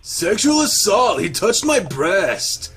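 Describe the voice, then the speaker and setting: A man's voice: mid-range voice, normal speed, breathy edge, soft background music, natural voice. A man voicing a lazy, crude, joking young male goat character.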